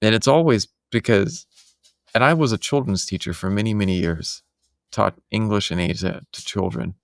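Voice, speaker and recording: Low gravelly man telling earnest stories. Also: normal speed, dry recording, clean studio sound. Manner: earnest, reflective storytelling. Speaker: podcaster. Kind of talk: casual podcast conversation. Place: home office.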